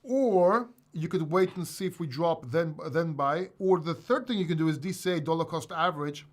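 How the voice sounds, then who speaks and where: A male host with a fairly high voice, talking in a casual livestream chat. He is animated and emphatic, with blunt remarks and the odd curse word. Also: moderate pace.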